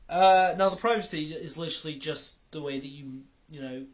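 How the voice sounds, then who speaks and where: A man's voice: fairly high pitch, moderate pace. A young man rambling through a casual vlog, often stopping to correct himself and swearing now and then. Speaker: YouTuber.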